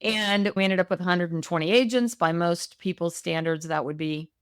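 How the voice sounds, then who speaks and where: A woman's voice: fairly low pitch, steady tone, normal speed, clear, resonant tone, no room sound, studio quality. A middle-aged woman, a real estate agent, telling her own story candidly in an interview, often tagging "right?". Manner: emotional, candid, many "right?" tags.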